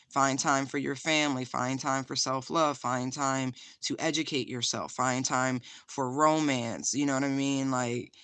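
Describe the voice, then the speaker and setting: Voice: mid-range voice, a bit bright, dry recording. A tarot reader giving a casual spiritual card reading to viewers, chatty and direct, with lots of fillers, calling the listener honey while showing a stone to the camera.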